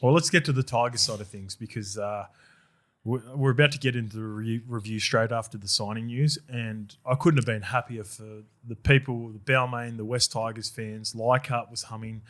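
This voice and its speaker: A man's voice: medium pitch, fairly even intonation, moderate pace. A man hosting a podcast in casual chat, steering the talk and working from his notes. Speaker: podcast host.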